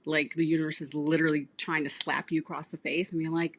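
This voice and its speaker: A woman's voice: low voice, level tone, fast talker, hardly any pauses. A woman business coach hosting a livestream, chatting casually and telling client stories with acted-out dialogue. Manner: storytelling, acts out client dialogue, laughs often.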